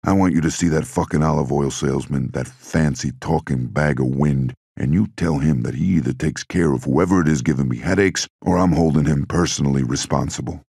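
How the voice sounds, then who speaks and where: A man voicing an older male crime boss who is furious and erupts into shouting. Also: extremely low pitch, fairly quick, vocal fry, hardly any pauses, slightly rough, dry recording, studio quality, heavily acted. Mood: bitter, threatening. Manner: explosive, shouting in bursts.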